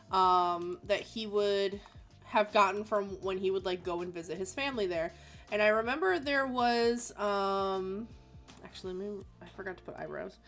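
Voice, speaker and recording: Woman, casual chat while drawing, animated storyteller, laughs a lot, faint music behind. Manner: animated storyteller who acts out quotes in high squeaky voices; laughs often. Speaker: artist hosting a drawing stream.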